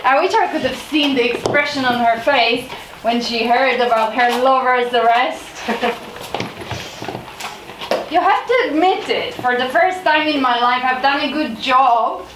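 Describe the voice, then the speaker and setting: An actress on stage playing an anxious young maid who teases and pleads. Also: female voice, high-pitched. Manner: slow, pleading, teasing. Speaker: stage actor. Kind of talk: live stage drama. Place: small theatre stage. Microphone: distant room mic. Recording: echoey theatre from far off, audible noise.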